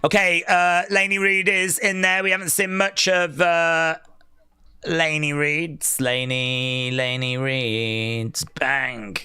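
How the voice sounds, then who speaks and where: A man giving excitable, jokey play-by-play on a live wrestling watch-along and reading viewer comments aloud. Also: a little high, takes it slowly, clean tone, no room sound, studio quality.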